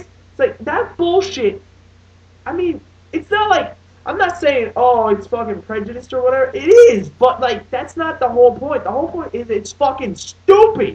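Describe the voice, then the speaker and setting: A young man in his late teens ranting in a casual movie review, swearing often and restarting his sentences. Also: extremely high pitch. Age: young adult. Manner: profane, exasperated, rambling with many restarts. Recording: dull lo-fi sound, distant from mic.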